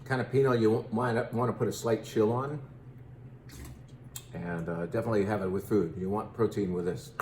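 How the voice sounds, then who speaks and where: A man's voice: lowish voice, steady tone, moderate pace, roomy sound, noisy background. A man in his fifties hosting a casual wine tasting, chatting playfully and joking about how to pronounce names. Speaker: wine shop host.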